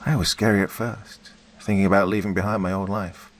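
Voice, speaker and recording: A man voicing a possessed young woman who speaks with calm, creepy cheer. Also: deep voice, brisk, slight background noise, close to an everyday voice. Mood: eerie calm.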